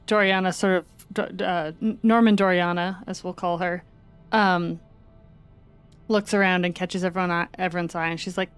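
A woman's voice: on the low side, steady tone, moderate pace, clean tone, soft background music. A woman playfully describing her character's actions in a tabletop game. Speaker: player.

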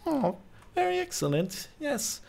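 A man mimicking a gloating, greedy businessman in a high, mocking voice. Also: huge pitch swings, unhurried, vocal fry, a little mellow, heavily acted.

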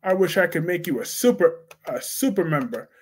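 A young man hosting a casual soap opera live stream, chatting and laughing as he reads viewer comments in a slangy, animated way. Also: on the high side, normal speed, husky. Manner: animated, laughing, slangy, reacts loudly to chat.

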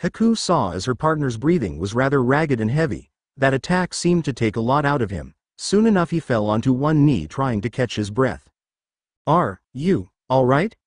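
A man's voice: medium pitch, very animated, moderate pace, hardly any pauses, no room sound, studio quality. A man reading a fanfiction story aloud as narrator.

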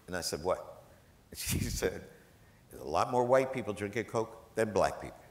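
A man's voice: lowish voice, expressive, moderate pace, background noise. A man speaking as a guest at a gala, telling humorous stories to a live audience in a chatty, jokey way and quoting the people in them. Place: large event hall. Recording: echoey hall.

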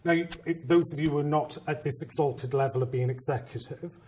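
A man who is a head teacher, giving a conference talk and telling a story with humor and animated, self-mocking asides. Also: fairly high pitch, a little fast, a little hiss or hum.

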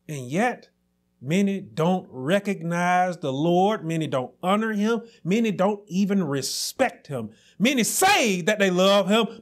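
High-voiced, animated preaching man. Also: a little slow. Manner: emphatic preaching with repeated phrases, rising to shouts. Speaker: pastor. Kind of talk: sermon.

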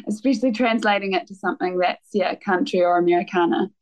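Woman, new zealand accent, thirties, guest musician, casual chat, laughs a lot, halting restarts. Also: mid-range voice, low-quality recording. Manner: laughs often, hesitant restarts.

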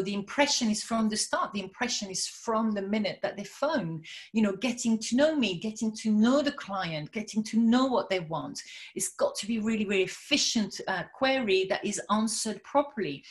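A woman coaching salon owners in a webinar. Her delivery is energetic and emphatic, and she often doubles up words and phrases to drive a point home. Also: mid-range voice. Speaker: spa and salon business coach. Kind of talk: webinar presentation.

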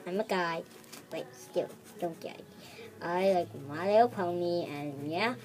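A woman playing a bashful toy-pet boyfriend who mumbles and hesitates in a lowered, quiet voice. He drawls slowly and trails off between words. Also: soft background music, natural voice. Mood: sheepish. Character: shy toy-pet boyfriend, young male.

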